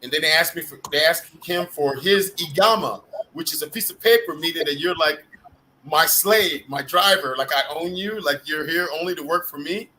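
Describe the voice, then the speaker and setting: A man's voice: fairly high pitch, moderate pace, pushed and bright, slight background noise, low-quality recording. A man hosting a live group video call, telling rambling, profane stories with bursts of laughter. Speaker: host of a live group chat. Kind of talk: casual storytelling chat.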